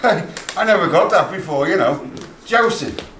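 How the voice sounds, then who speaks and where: Actor as a bristling Liverpool dad, high voice, caught from far off on a roomy stage. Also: male voice, animated, normal speed, fairly bright tone, slight background noise. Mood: blunt. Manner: blunt, jokey, bristling. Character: blunt protective Liverpool father. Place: theatre stage. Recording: roomy stage sound from far off, faint ambience.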